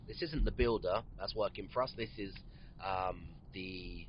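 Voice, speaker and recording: Man, low voice, rambling podcast talk, lots of ums, yawning, dull car recording with faint road hum. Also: measured pace. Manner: rambling, many ums, yawning between phrases. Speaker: podcast host. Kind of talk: casual storytelling monologue. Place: inside a parked or moving car.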